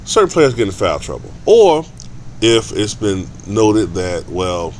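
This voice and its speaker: A man's voice: on the low side, big pitch swings, a little slow, a little mellow, a little hiss or hum. A man ranting casually in a vlog, profane and rambling, with stammered restarts. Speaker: sports vlogger.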